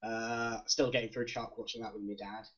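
Husky young man chatting casually. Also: fairly low pitch, flat delivery, normal speed, a bit bright. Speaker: podcast co-host. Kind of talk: casual chat. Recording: lo-fi muffled audio.

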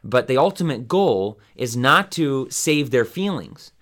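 A man's voice: medium pitch, animated, a little slow, fairly bright tone. A man hosting a Bible study podcast, teaching in a casual, rambling way with many fillers and restarts.

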